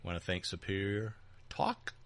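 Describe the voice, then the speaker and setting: A man's voice: low-pitched, fairly even intonation, a little slow, a bit bright. A man co-hosting a casual political talk show, joking and teasing his partner, with frequent fillers and restarts. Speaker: podcast co-host. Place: small back-room studio.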